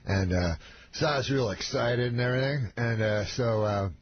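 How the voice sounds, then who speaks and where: A man, a comedian guest, telling a meandering anecdote on a radio show in a deadpan way, stumbling over fillers. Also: medium pitch, normal speed. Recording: lo-fi radio recording with hiss.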